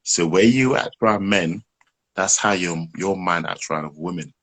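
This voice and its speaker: Man, husky, very deep, middle-aged, rambling casual chat. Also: moderate pace, a bit bright. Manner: rambling, repeats himself, laughs at his own stories. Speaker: podcast co-host giving relationship advice.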